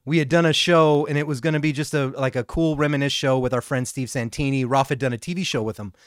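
A man co-hosting a podcast, talking in a casual, excitable way and swearing freely. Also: medium pitch, fast talker, clean tone, no room sound, clean studio sound. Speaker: podcast co-host. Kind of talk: casual chat.

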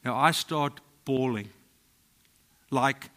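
A middle-aged South African man, a pastor preaching a sermon, telling stories in a voice that drops to a hush and then rises to loud exclaiming. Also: mid-range voice, slow pace. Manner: storytelling, swings from hushed to exclaiming.

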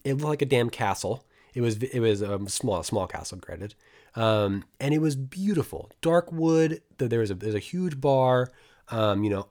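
A young American man casually telling a travel story, rambling and swearing, with many restarts and acted-out quotes. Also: mid-range voice. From United States. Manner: rambling, profane, animated retelling with many restarts.

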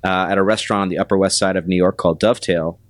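Deep-voiced man telling a slow story. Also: steady tone, no echo, clean studio sound. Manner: measured, many ums and pauses. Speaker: restaurant general manager, guest. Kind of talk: casual interview storytelling.

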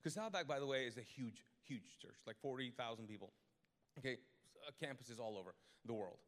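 A man, a pastor, telling a funny story during a live sermon in a big church, talking in a casual, animated way and often correcting himself mid-sentence. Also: medium pitch. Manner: animated, conversational, humorous, with quick self-corrections. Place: large church auditorium. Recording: live church recording with long reverb.

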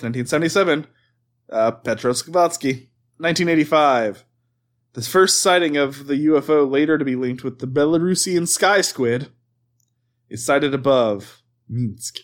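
A man hosting a casual podcast, reading items from a list aloud with frequent laughs and stumbles. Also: medium pitch. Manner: swears and laughs at his own mistakes. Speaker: podcast host reading cryptid lore.

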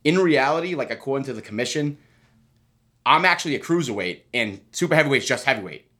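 A man's voice: mid-range voice, animated, quick pace, pushed and bright. A man telling a story in casual chat, rambling and swearing, acting out what other people said. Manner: rambling, profane, acts out other people's lines. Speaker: fighter telling a fight story.

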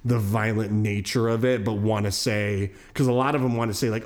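A man hosting a casual true-crime podcast, telling the case and then giving his opinion in a loose, animated way with swearing. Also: brisk, few pauses. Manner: animated, swearing, jumps into high mocking voices. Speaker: podcast host.

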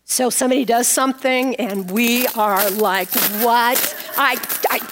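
A middle-aged woman pastor preaches a playful, storytelling sermon. Her voice sits a little high, and she jokes and laughs at her own props as she goes. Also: unhurried, noisy background. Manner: playful, animated, laughs at herself.

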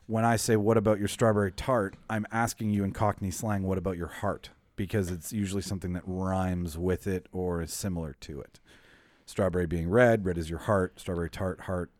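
A man's voice: low-pitched, steady tone, brisk, a little mellow, dry recording. A man co-hosting a podcast in casual banter, often stopping and restarting his sentences with a chuckle. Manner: self-interrupting, stumbling restarts, chuckling. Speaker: podcast co-host.

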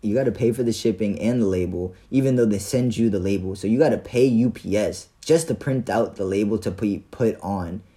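A young man casually telling a story about his day, animated and profane, full of slang and fillers. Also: fairly low pitch, fairly quick, hardly any pauses.

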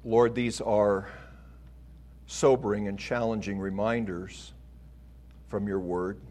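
Middle-aged guy preaching a sermon, slow and measured, gets loud on the big points. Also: on the low side, steady tone. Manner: slow, deliberate preaching with rising, emphatic swells.

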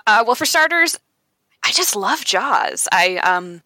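A woman's voice: a little high, sing-song, a little slow, sharp tone, no room sound. A woman guest on a podcast in casual chat, articulate and wordy, playfully dramatic.

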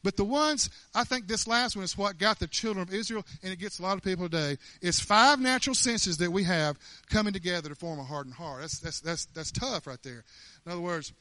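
A man's voice: high-pitched, brisk, bright, forceful tone, dry recording. A man preaching a sermon, firing off rhetorical questions and repeating words as he builds.

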